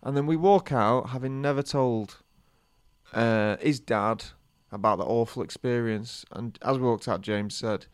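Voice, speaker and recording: A man's voice: mid-range voice, unhurried, smooth, no echo, clean studio sound. A man, co-hosting a podcast and telling a long anecdote in casual chat, acting out the people in it. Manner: rambling anecdotal storyteller, acts out quotes. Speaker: podcast co-host.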